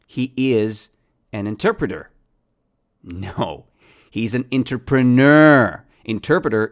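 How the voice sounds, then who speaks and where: An English teacher giving a podcast lesson, asking simple questions and answering them, repeating key words. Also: medium pitch.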